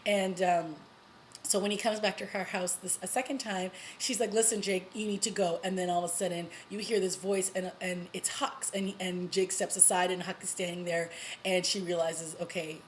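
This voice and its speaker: A woman vlogger recapping a TV episode in a casual, excited way, with lots of "you know" and little laughs. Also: fairly low pitch, moderate pace, a little hiss or hum, rough recording. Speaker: TV review vlogger.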